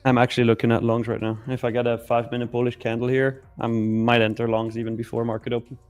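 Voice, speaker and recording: A man's voice: mid-range voice, little pitch movement, fast, darkish tone, faint music behind. A man co-hosting a live trading stream, explaining his setups plainly and urging viewers to like and subscribe. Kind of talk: casual live-stream chat and viewer callouts.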